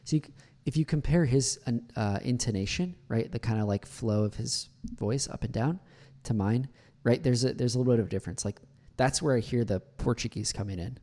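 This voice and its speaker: A man who teaches English, commenting on a video clip, explaining pronunciation in a relaxed way with many fillers and slow demonstrations of words. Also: mid-range voice.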